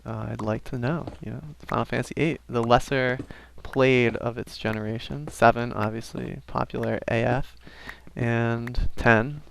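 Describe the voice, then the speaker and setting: Casual gameplay commentator, young man, mid-pitched and gravelly, rambling with offhand asides. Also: steady tone, a little slow, hardly any pauses, a little hiss or hum. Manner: rambling, self-aware asides. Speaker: gaming commentator. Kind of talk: casual let's-play commentary.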